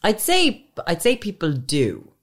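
A woman's voice: on the low side, wildly swooping pitch, measured pace. An Irish woman co-hosting a podcast, chatting casually and retelling stories with dramatic flair. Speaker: podcast co-host. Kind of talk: casual chat.

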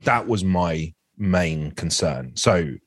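A man's voice: deep voice, lively intonation, dry recording, clean studio sound. A man in his forties, an actor guest speaking candidly in an interview, often restarting his sentences. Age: 40s. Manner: candid, halting, with many restarts.

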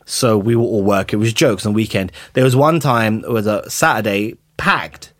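A man chatting on a podcast, telling lively stories, swearing freely and acting out what people said. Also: lowish voice, moderate pace, no room sound, clean studio sound. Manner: animated storyteller, swears freely, acts out quotes. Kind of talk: casual chat.

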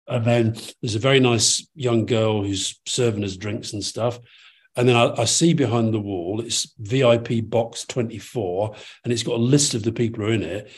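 A man, a podcast guest telling an anecdote with lively asides. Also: mid-range voice. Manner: animated anecdote-teller, quoting others in changing voices. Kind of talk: conversational storytelling.

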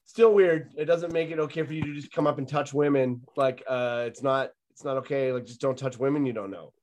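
A man's voice: medium pitch, fairly even intonation, fairly quick. Rambling man hosting a podcast. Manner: rambling, swears, laughs mid-story. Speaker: podcast host. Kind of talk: casual comedy podcast chat.

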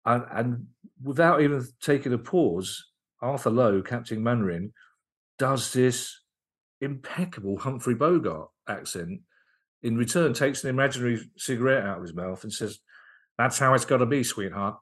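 A man, a comedian and writer, telling comedy anecdotes in a casual podcast chat, lively and enthusiastic, often restarting his sentences. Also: mid-range voice, normal speed.

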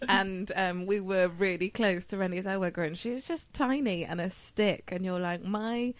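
A woman co-hosting a casual chat, animated and laughing, often slipping into impressions. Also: on the low side, normal speed, no room sound.

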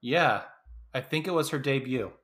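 A man co-hosting a podcast, chatting casually about a movie, quick with quips and laughs. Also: medium pitch, fairly bright tone, husky. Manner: jokey, laughs often, chimes in with quips. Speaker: podcast co-host.

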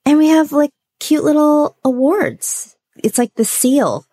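A woman's voice: sits high, expressive, measured pace, dark tone. A young woman co-hosting a podcast, chatting in an upbeat, enthusiastic way. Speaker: podcast co-host. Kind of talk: casual chat.

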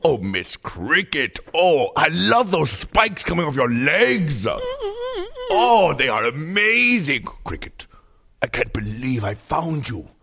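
A man voicing a flamboyant, self-absorbed nightclub diva in a comedy sketch, with a campy, theatrical, sassy delivery and sudden loud outbursts. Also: on the high side, huge pitch swings, slow, vocal fry, full character voice. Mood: gushing. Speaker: comedy podcast host.

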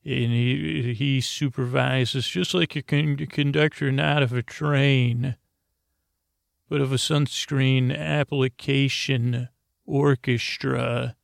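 A man's voice: mid-range voice, fairly even intonation, vocal fry, dry recording, studio quality. A man narrating a rambling bedtime story, meandering and full of restarts. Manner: meandering, slow, with restarts and fillers. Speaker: podcast host.

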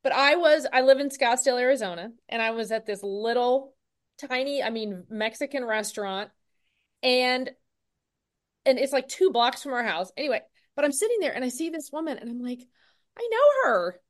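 Lively high-voiced woman podcast host. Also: normal speed. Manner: animated storytelling, acts out her own thoughts. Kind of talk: casual interview chat.

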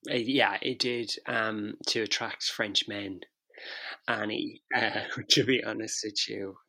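A very low-voiced podcast co-host chats playfully. She rambles and fills pauses with ums and uhs. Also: steady tone, bright, forceful tone, slightly rough. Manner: rambling, playful, hesitant with fillers. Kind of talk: casual chat.

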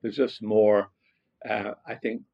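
A Glasgow man with a Scottish accent, a motivational speaker appearing as a guest, reflects on his life story with frequent fillers and restarts, growing more animated in his anecdotes. His lowish voice is gravelly, husky and darkish, with little pitch movement and a slow pace, and the highs are cut off.

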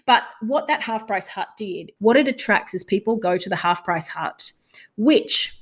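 A woman's voice: mid-range voice, expressive, unhurried. A young adult Australian woman telling stories in a casual podcast interview, acting out the lines she said to people. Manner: chatty storytelling, acts out quoted lines. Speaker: guest, touring comedy performer.

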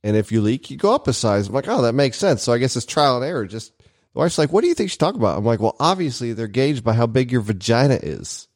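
A man's voice: mid-range voice, expressive, quick pace. A man in casual comedic chat as a podcast co-host, rambling and joking through his stories. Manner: joking, rambling storyteller who laughs often.

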